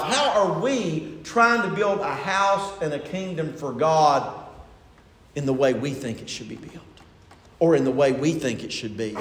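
A man's voice: a little high, a bit bright. A pastor preaching a sermon in church, asking his congregation rhetorical questions with rising emphasis. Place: church sanctuary. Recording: echoey church hall.

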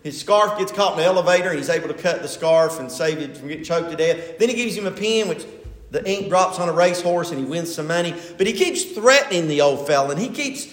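High-voiced older preacher in an echoey hall. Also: male voice, quick pace. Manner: folksy storytelling, retelling a TV episode. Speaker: pastor. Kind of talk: sermon.

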